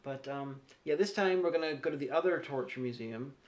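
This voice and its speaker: A man's voice: medium pitch, a little fast. A man co-hosting a podcast, chatting casually and enthusiastically about a trip. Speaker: podcast co-host. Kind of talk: casual chat.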